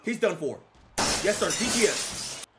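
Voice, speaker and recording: A young man giving excitable live commentary while playing a video game, often yelling at the screen. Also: high voice, a little slow, soft background music. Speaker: gaming YouTuber.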